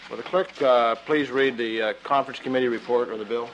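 A man presiding over a state house session, calling votes and ruling on motions in a measured, procedural way with frequent hesitations. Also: mid-range voice, steady tone, muffled recording, noisy background. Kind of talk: parliamentary chairing. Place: legislative chamber.

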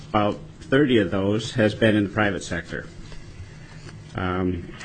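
A man in his sixties with a low voice gives formal testimony at a committee hearing. He is from Michigan and speaks in a measured, self-deprecating way, often pausing on fillers. A faint ambient hum sits behind him. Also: low-quality recording.

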